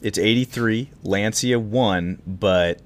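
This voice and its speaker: Deep-voiced man explaining on a podcast. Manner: explanatory, measured, with frequent "um" pauses. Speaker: podcast co-host explaining rally history. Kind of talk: casual podcast chat.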